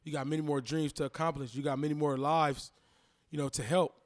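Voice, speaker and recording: A man in his thirties, a podcast guest, telling a personal story in a casual, animated way and acting out the voices he quotes. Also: on the high side, a little fast. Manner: animated, acts out quoted voices, repeats phrases.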